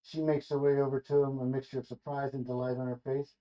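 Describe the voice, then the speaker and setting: A man reading a rough draft screenplay aloud in a loose, ad-libbing way, correcting himself with casual asides, in a dull lo-fi recording. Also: mid-range voice, level tone, fast talker, mellow. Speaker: screenplay reader.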